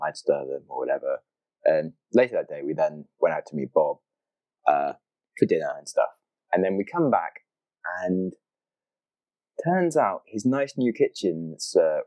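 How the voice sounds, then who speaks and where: A deep, warm-toned man hosts a podcast and tells a long anecdote in a relaxed, chatty way. He bursts into animated impressions of shocked friends. The sound is close and dry. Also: no echo, rough recording. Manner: animated, acts out quoted reactions. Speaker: podcast host. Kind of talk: storytelling intro, casual.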